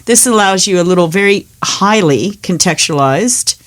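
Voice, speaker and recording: Chatty, low-voiced woman explaining. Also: moderate pace. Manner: animated explainer, chatty with many "right?" asides. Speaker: podcast co-host, work design consultant. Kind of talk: casual podcast chat, explaining.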